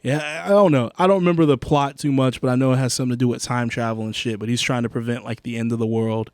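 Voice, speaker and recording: A man's voice: mid-range voice, steady tone, fast talker, darkish tone, clean tone, dry recording, clean studio sound. A young man co-hosting a casual podcast, joking and easygoing, often trailing off mid-sentence. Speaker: podcast co-host. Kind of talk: casual chat, tasting whiskey.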